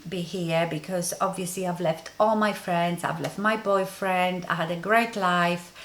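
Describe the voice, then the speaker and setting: A woman's voice: on the low side, a bit bright. A woman from Poland with a Polish accent, a native Polish speaker, telling a personal story to her viewers in a rambling, conversational way, full of ums. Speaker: beauty vlogger. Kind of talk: casual story-time monologue.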